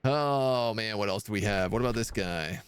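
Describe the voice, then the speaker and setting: A man's voice: fairly low pitch, moderate pace, clean tone. A man streaming a game live, thinking aloud and muttering over his choices. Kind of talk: live gameplay commentary.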